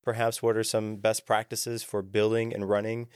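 A man hosting a podcast, asking questions in a halting, stammering way. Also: fairly low pitch, flat delivery, smooth, no echo, clean studio sound. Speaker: podcast host. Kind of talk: interview questions.

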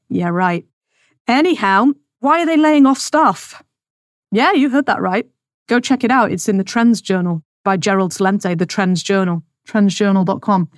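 A woman's voice: medium pitch, no room sound. A woman rants through her podcast monologue, sarcastic and scornful, hammering home her points by repeating them. Her voice sits in an ordinary middle register and is recorded close and dry, with no room sound at all. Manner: scornful, sarcastic, emphatic repetition. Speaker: podcast host. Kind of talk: opinionated monologue.

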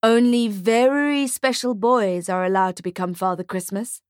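A man's voice: sits high, steady tone, moderate pace, clean tone, no room sound, clean studio sound, lightly acted. A woman voicing a kindly, modest man who works as a mall Santa, in an audiobook.

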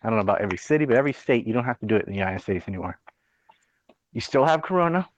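A man's voice: lowish voice, racing, muffled recording, slight background noise. A man hosting a podcast, ranting bluntly and sarcastically with plenty of swearing in casual political chat. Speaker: podcast host.

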